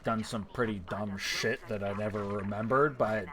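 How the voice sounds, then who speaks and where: With a crowd audible behind him, a let's play co-host with a lowish voice talks at a normal speed while gaming. He excitably tells a rambling story, swearing and restarting many times.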